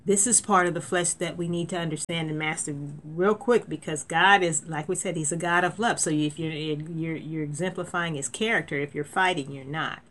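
A woman's voice: low voice, fairly even intonation, normal speed, hardly any pauses, fairly bright tone, a little hiss or hum. A woman preaching a sermon in a conversational way, with restarts and sudden emphatic lifts.

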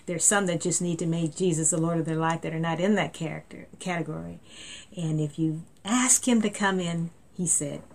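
Woman preacher, low-ish voice, earnest sermon delivery. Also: moderate pace, gravelly, darkish tone. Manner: earnest, repeats words, rising emphasis; reads scripture aloud.

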